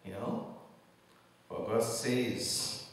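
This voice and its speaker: A man's voice: medium pitch, fairly even intonation, drawn-out words, vocal fry. A man preaching a sermon as pastor, driving his points home with rising emphasis and rhetorical questions. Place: church hall. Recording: echoey hall, mic at a distance.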